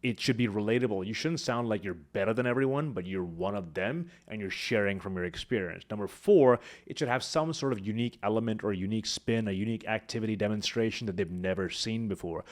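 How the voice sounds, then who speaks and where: A man teaching public speaking, talking to camera with lively swings between high energy and quiet, hushed moments. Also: fast talker, few pauses. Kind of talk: instructional talk to camera.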